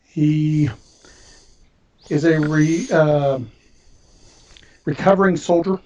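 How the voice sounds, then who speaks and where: A man describing his tabletop game character slowly and haltingly with fillers, heard on a distant, muffled mic. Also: on the high side, fairly even intonation, darkish tone, a little hiss or hum. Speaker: player.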